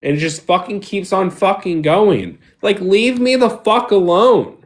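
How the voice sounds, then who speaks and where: A man's voice: high-pitched, a little slow. A man on a live stream, frustrated and defensive, swearing heavily as he argues. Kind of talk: heated live stream argument.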